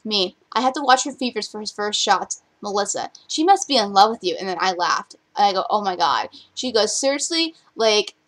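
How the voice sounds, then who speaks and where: A young woman with a voice of ordinary pitch, talking straight to her own vlog camera. She rants bluntly and swears often, reading other people's chat messages aloud in a running string of complaints. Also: a bit bright. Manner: blunt, profane, rapid-fire ranting. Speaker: vlogger.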